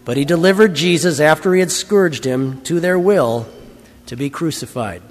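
A man giving a measured, formal liturgical scripture reading in a church. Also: on the high side, long reverb tail. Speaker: scripture reader.

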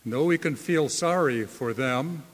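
A man preaching a sermon in a slow, deliberate way, leaning hard on key words. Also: a little high. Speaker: pastor. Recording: long reverb of a hall.

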